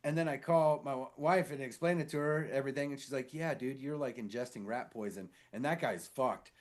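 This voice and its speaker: A married man co-hosting a casual podcast, telling a rambling story full of swearing and quick impressions of other people. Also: mid-range voice. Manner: rambling, animated, swears freely; mimics others with shifted voices in stories. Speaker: podcast co-host.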